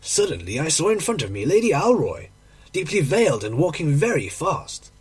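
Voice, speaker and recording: A man's voice: fairly high pitch, big pitch swings, normal speed, husky. A man narrating a classic short story in a dramatic, emotional audiobook reading. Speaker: audiobook reader.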